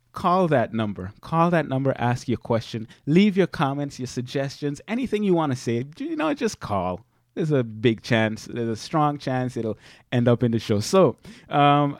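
A man's voice: medium pitch, a little mellow, dry recording. A man hosting his own podcast from a small home office studio, chatty, laughing often and repeating himself. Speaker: podcast host. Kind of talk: casual solo podcast talk.

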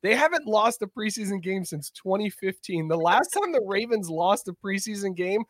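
Lively podcast host steering the chat. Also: mid-range voice, moderate pace, dry recording, studio quality. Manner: lively, steers the talk, laughs often. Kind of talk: casual chat.

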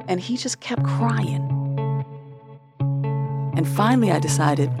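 A woman telling a personal story in a measured, low-key way, acting out the lines other people spoke. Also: lively intonation, gravelly, loud music behind the voice. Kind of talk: personal story told to listeners.

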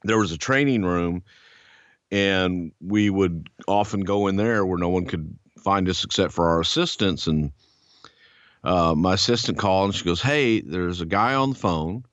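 A man's voice: low-pitched, moderate pace, no room sound. A man host telling a long backstage story in casual chat, swearing freely and acting out what others said. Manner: animated, profane storyteller acting out quotes. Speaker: podcast host. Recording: dull lo-fi dry sound.

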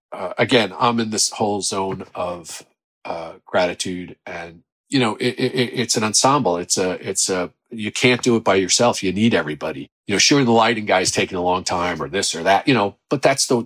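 A middle-aged actor, a man, chatting as a podcast guest, telling rambling, animated anecdotes full of quoted voices. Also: sits low, breathy edge. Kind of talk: casual anecdotal chat.

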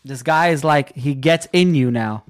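A man's voice: a little high, normal speed. A man guesting on a podcast, telling a crude story in casual, profane banter.

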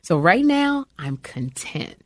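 A middle-aged woman, an actress and comedian, is a guest in a lively interview, telling animated stories and acting out the quoted voices. Her voice is on the low side and slow-paced, in a dry recording.

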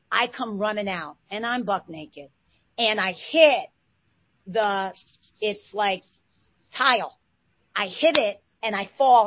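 Woman, 40s, animated storyteller; dry, slightly muffled recording. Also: mid-range voice, no room sound. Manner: lively, excitable retelling with bursts of loudness. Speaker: interview guest, former basketball player. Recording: dull, slightly lo-fi sound.

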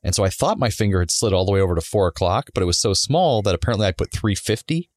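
Fast-talking man telling a story. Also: fairly low pitch, dry recording, studio quality. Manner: animated, acts out quoted people mid-story. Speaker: podcast co-host. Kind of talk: casual storytelling chat.

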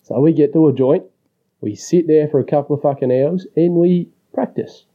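A man's voice: a little high, moderate pace. Brash Australian man on a muffled voicemail. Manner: brash, crude and teasing. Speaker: voicemail caller. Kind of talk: rowdy profane voicemail rant.

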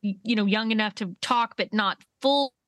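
Animated storytelling woman, dry mic. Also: mid-range voice, moderate pace, no room sound. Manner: animated storyteller, laughs through her telling. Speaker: podcast co-host. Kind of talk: casual chat.

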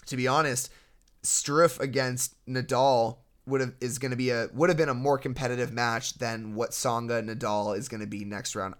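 Casual male tennis podcast co-host. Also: medium pitch. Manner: relaxed, analytical, with frequent restarts. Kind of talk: casual sports podcast chat.

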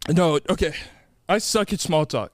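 Young guy cohost, high voice, laughing a lot, dry mic. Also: moderate pace, dry recording. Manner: laughing, self-mocking, jittery. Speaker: podcast co-host. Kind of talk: casual chat.

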